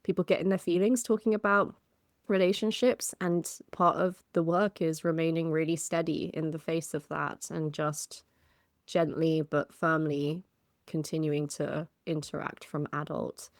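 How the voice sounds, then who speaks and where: A woman co-hosting a podcast speaks in a measured, analytical way. Her voice is very low for a woman, and it softens as her phrases trail off. The close mic sounds dry, with no room echo. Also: level tone. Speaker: podcast co-host. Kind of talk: casual podcast chat.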